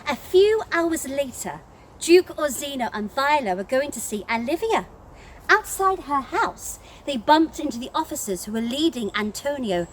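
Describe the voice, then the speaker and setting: A British woman narrating a children's storybook in an animated, expressive way. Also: high voice, moderate pace, a little hiss or hum.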